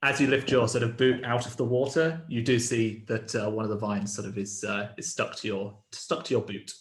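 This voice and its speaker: A man running a tabletop game as game master, describing the scene in a halting way with many fillers and restarts. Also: lowish voice, little pitch movement, roomy sound. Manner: hesitant, full of ums and restarts.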